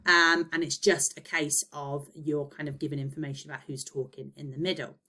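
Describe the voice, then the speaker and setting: Primary teacher, woman, low-set voice, patient step-by-step explainer. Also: steady tone, normal speed, hardly any pauses, sharp tone. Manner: explanatory, checks in with "okay?". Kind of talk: recorded online lesson.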